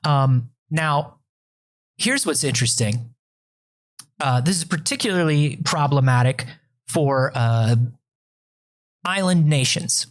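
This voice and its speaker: A man's voice: on the high side, animated, slow pace, long pauses. A man co-hosting a comedy podcast, rambling through statistics with lots of restarts. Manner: rambling, full of fillers and restarts, reads out statistics. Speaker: podcast co-host. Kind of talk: comedic casual chat.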